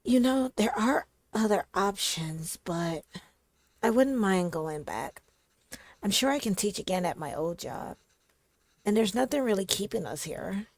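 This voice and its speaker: A woman reading aloud as a gentle, hopeful young immigrant wife, in a quiet, soft voice. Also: mid-range voice, lively intonation, unhurried. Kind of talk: reading game dialogue aloud.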